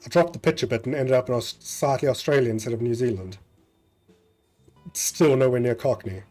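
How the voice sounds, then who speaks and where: A man chats his way through a game on a live stream, easygoing and offhand. He reads item descriptions aloud and curses at his own misclicks. Soft game music hums in the background. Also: medium pitch, brisk. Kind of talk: casual gameplay commentary.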